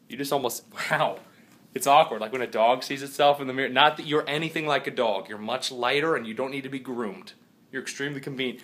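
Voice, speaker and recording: Bright-voiced excitable man vlogging. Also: fast. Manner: excitable, jumps high and loud when calling his dog; chatty and rambling, laughs often. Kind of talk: casual vlog chat.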